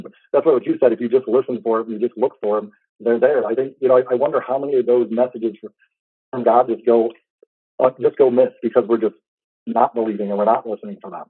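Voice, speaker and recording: A man in his thirties telling a heartfelt personal story in a casual, halting way, full of restarts. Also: mid-range voice, steady tone, slightly rough, no echo, phone-quality sound. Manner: fast, halting, with many restarts and fillers; earnest, heartfelt. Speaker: podcast host.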